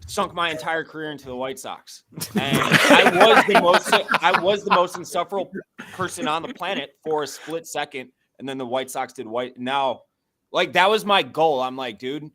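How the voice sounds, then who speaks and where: Blunt, crude male panelist with a bright, forceful tone. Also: fairly high pitch, normal speed. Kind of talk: casual chat.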